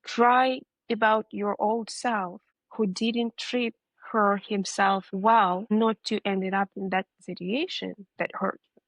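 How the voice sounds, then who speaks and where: A woman's voice: mid-range voice, fairly even intonation, takes it slowly, no room sound, low-quality recording. A woman guest in a conversational interview, talking in an earnest, encouraging way. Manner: earnest, encouraging, acts out reactions.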